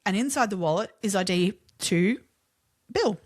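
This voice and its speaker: A woman's voice: medium pitch, animated, normal speed. A woman co-hosting a podcast, telling a true-crime story in a casual, chatty way, full of "like" fillers and casual swearing. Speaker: podcast co-host.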